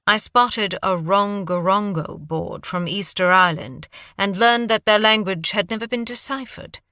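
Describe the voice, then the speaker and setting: A man's voice: high voice, unhurried, bright, forceful tone, clean tone, no echo, clean studio sound, pitched above the performer's own voice. A woman voicing an urbane, self-deprecating man with a British accent, a refined scholar in an audiobook. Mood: wry. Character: refined British-raised male scholar, wry.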